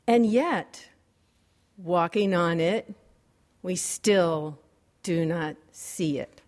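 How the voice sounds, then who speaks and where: A woman preaching a sermon in a measured, wry and gently humorous way. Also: fairly low pitch, long reverb tail.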